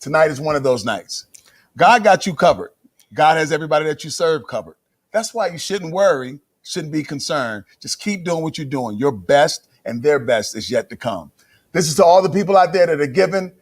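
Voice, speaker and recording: A man's voice: on the high side, expressive, normal speed. A man emceeing a live charity gala, announcing winners in a playful, sing-song, joking way. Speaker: emcee and comedian.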